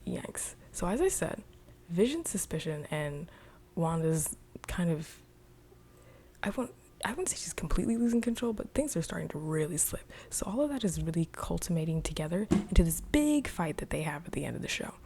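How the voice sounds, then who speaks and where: A woman giving a casual, chatty recap of a TV episode, animated and full of slang. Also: lowish voice, moderate pace, breathy edge. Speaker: TV show reviewer.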